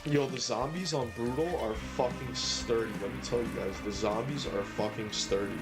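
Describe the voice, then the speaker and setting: A man's voice: medium pitch, normal speed. Profane ranting male game streamer. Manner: profane, ranting, talks to chat. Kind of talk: live-stream gaming chat. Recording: game music behind.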